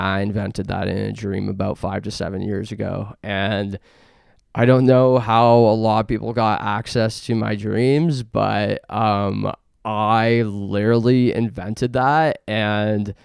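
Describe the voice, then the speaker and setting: Young male podcast host from Canada, unhurried gravelly delivery, deadpan absurd riffs, dry close mic. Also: fairly low pitch, dry recording. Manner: absurd deadpan bits, frequent fillers. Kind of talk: rambling comedic monologue.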